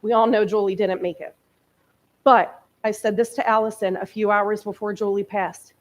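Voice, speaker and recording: Her mid-range voice holds a steady tone at a moderate pace as this woman in her early forties tells her story from a church sanctuary. She is a guest speaker, and her testimony is candid, conversational and emotional.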